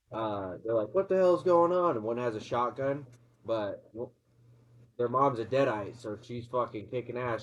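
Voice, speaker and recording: A man with a mid-range voice tells a movie's plot in loose, profane casual chat. He gets excited and laughs often. The sound is slightly dull and lo-fi. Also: medium pitch. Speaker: co-host, movie reviewer.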